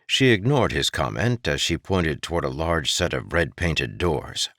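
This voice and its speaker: A man narrating a fantasy audiobook in an expressive storytelling manner, shifting into voices for the characters. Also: very deep voice, unhurried, few pauses, dry recording, clean studio sound.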